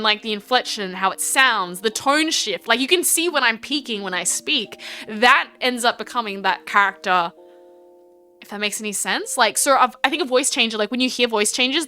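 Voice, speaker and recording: Woman, Australian accent, young adult, rambling livestream chat, slightly high pitch, smooth clear voice. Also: bright, forceful tone. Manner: chatty and rambling, with many fillers and restarts. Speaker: VTuber streamer.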